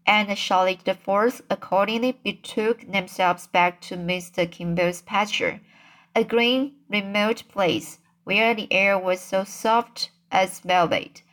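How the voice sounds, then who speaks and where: Slow woman reading an audiobook. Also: mid-range voice, a bit bright. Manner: slow reading with slips, fillers and restarts. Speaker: audiobook reader. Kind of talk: amateur audiobook narration.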